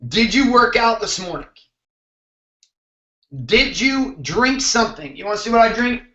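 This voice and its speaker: A man's voice: very high-pitched, lively intonation, a little slow, bright, forceful tone, echoey room, muffled recording. A man hosting a motivational show, talking intensely and emphatically, with some swearing. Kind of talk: motivational talk to camera.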